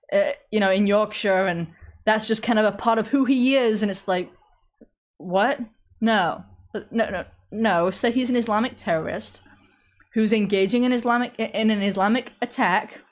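A sarcastic, chatty woman with an English accent talks straight to her viewers in a commentary stream. Her voice sits at a middling pitch, and she laughs and restarts often as she mocks the news. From England. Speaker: commentary show host.

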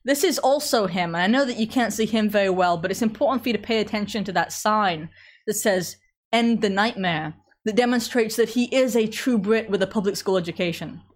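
A sarcastic, chatty woman with an English accent talks straight to her viewers in a commentary stream. Her voice sits at a middling pitch, and she laughs and restarts often as she mocks the news. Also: a little fast. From England. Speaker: commentary show host.

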